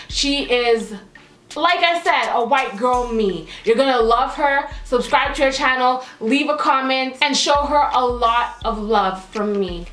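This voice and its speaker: A young woman from Canada telling a storytime vlog in a sassy, animated, slangy way. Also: a little high. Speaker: vlogger. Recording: echoey room.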